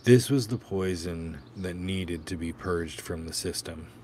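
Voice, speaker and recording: A man narrating an audiobook in a measured, even reading. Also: low voice, a little hiss or hum.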